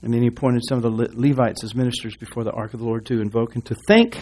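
A man's voice: medium pitch, fast talker, a little mellow. A man preaching a sermon in a church, rambling and folksy with asides and restarts, reading scripture aloud to his congregation. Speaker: pastor.

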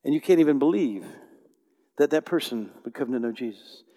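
Male pastor, passionate sermon delivery, hushed-to-loud swings, church reverb. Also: medium pitch, expressive, brisk. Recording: long hall reverb.

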